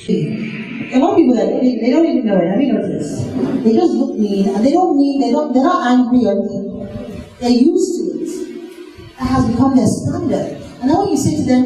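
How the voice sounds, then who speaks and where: Brief: woman workshop leader, warm mellow tone, big reverberant hall, lively and questioning. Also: high voice, normal speed. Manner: lively, asks the audience questions. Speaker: workshop facilitator. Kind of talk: interactive seminar talk. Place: large echoing hall. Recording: very echoey hall, faint music.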